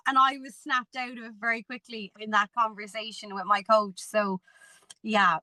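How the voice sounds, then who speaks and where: A woman's voice: fairly high pitch, moderate pace, no echo. A woman, a podcast guest and coach, telling stories animatedly and acting out the dialogue. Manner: animated storytelling, acts out quoted dialogue. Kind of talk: casual podcast interview.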